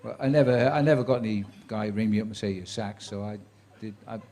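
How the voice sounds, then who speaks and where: A man in his seventies, a sports commentator, tells career stories to a live audience. His voice is lowish, warm and fairly quick, and he chats like a born raconteur, acting out quoted voices with dry wit.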